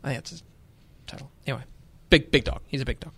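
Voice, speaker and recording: A man co-hosting a casual sports podcast, telling stories with lively energy and acting out what others said. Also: mid-range voice, fast talker, breathy edge, no room sound. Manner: animated storyteller, acts out quoted voices. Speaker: podcast co-host.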